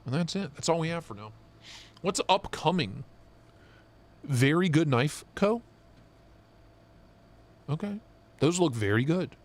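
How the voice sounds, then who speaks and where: Lively, excitable young man. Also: on the high side, a little slow, long pauses. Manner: excited, profane, joking. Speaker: knife show co-host. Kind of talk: casual live-stream chat.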